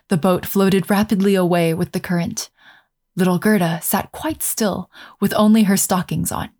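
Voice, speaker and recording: A woman narrating a fairy tale aloud in a calm, measured way, slowing down over scenic passages. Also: lowish voice. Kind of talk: storybook narration.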